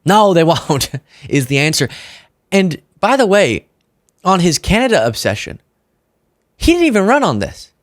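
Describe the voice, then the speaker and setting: Animated, sarcastic male political commentator. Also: high-pitched, normal speed, pauses often, dry recording, studio quality. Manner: sarcastic, animated, mocks opponents in put-on voices.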